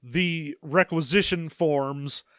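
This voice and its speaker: A man with a slightly high voice jokes his way through a film recap in a casual chat, wry and easygoing. His voice sounds dry and close. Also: slow, a bit bright, no room sound. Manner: wry, joking, laughs along. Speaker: podcast co-host. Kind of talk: casual movie-review chat.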